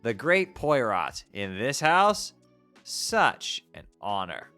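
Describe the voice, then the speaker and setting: A man's voice: mid-range voice, huge pitch swings, slow, pushed and bright, faint music behind, exaggerated voice. A man voicing a teenage girl who puts on a fussy, dainty French detective act, offering polite pleasantries. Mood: flattered. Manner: prim, fussy hostess pleasantries.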